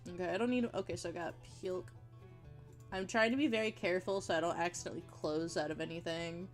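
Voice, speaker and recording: A woman chatting casually on a livestream while she draws, gushing and giggling, with bursts of excitement and casual swearing. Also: fairly low pitch, quick pace, faint music behind. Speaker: art streamer.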